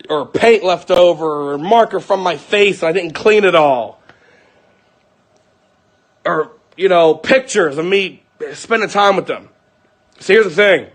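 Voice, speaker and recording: A young man with a somewhat high, husky voice rants at his stream audience. He talks in heated, profane bursts, with the rough edge of someone unloading his grievances unscripted. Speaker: streamer venting to his viewers. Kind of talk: angry unscripted rant.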